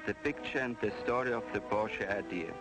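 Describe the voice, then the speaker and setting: A man's voice: lowish voice, fairly quick, natural voice, poor audio. A man giving a stiff, formal address in an archival promotional film. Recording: old film audio with loud music underneath.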